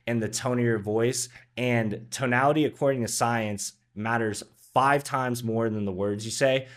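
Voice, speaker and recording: A man giving casual commentary on a sales training video. He speaks at a middle pitch and closes point after point with "right?", with "um"s throughout. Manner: leans on "right?" and frequent "um". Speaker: sales coach reacting to a video.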